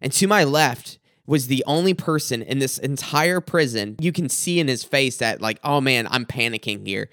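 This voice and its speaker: A young man, working as a student pastor, recounts a strange dream in a personal storytelling style, stumbling over and repeating his words as he goes. His voice sits at a middle pitch and sounds dry and close, with no room around it. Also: expressive, moderate pace, hardly any pauses, fairly bright tone, dry recording. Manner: hesitant, restarts and repeats words.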